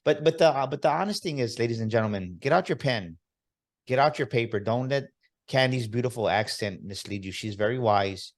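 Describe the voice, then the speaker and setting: A man's voice: mid-range voice, animated, fairly quick. A man hosting an interview podcast, enthusiastic and motivational, slipping in bits of Spanish. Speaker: podcast host.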